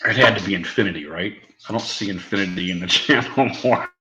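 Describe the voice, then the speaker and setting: A man's voice: low voice, fast, sharp tone, reverberant, rough recording. A man chatting casually on a live stream, rambling, laughing often and swearing freely.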